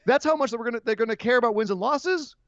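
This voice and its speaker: A man's voice: extremely high pitch, very fast, fairly bright tone, no room sound, muffled recording. A man hosting a wrestling podcast, chatting casually and teasing his co-host. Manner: joking, ribbing his co-host.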